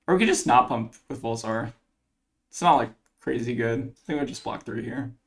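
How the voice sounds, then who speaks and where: Gravelly man thinking aloud over a card game. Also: mid-range voice, moderate pace, fairly bright tone. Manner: thinking aloud, weighing plays with fillers. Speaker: card game player commentating his match. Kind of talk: casual gameplay commentary.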